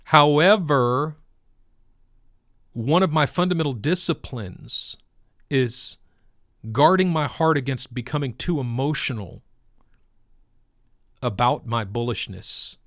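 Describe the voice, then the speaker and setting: A man's voice: medium pitch, expressive, a little slow, pauses often, no echo, studio quality. A man giving casual commentary on the crypto market, with emphatic, preacher-like repetition.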